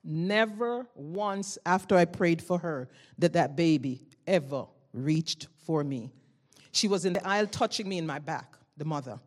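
With a lowish, unhurried voice, a churchwoman recounts her testimony before the congregation. She laughs often and moves animatedly from loud exclamations to quiet, hushed tones.

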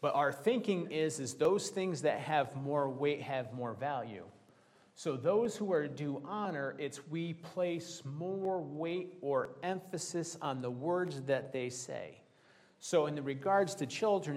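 A man's voice: a little high, animated, measured pace, a little mellow. A middle-aged man preaching a conversational sermon, mixing personal stories with scripture quotes. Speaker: pastor.

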